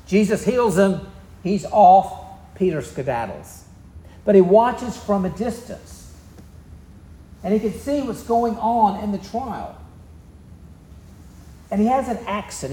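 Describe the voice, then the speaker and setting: A man's voice: high-pitched, expressive, slow pace, pauses often, dark tone, roomy sound, a little hiss or hum. A man with a Southern US accent preaching a sermon, telling the story in a folksy, easygoing way. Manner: folksy storytelling, drawling asides. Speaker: pastor.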